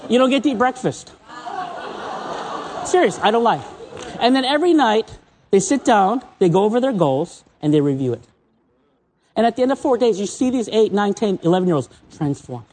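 A man with a husky, breathy voice delivers a sermon, telling personal stories with open feeling. He jumps from bright, excited peaks down to quiet, almost whispered moments. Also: a little fast. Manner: emotional, swinging between excited highs and soft low asides. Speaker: visiting preacher. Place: church.

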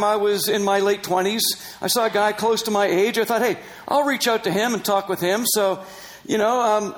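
Older man, very high voice, animated storyteller who laughs often, missionary. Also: rough recording. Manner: animated, laughing often, acting out quoted dialogue. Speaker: Christian missionary. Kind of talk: personal storytelling in conversation.

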